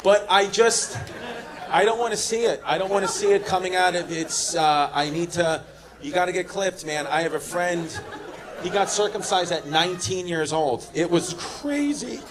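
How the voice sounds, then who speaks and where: A brash man does stand-up on a club stage, needling the crowd in a fast, teasing way. His voice sits high for a man. Loud audience laughter rolls in behind him, as in a live club recording. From New York. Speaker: stand-up comedian.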